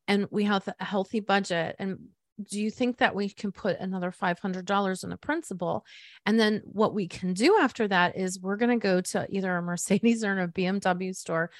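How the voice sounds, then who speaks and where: A woman's voice: mid-range voice, moderate pace, no echo. Chatty woman podcast host, dry sound. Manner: chatty, warm storytelling with frequent fillers. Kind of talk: conversational interview.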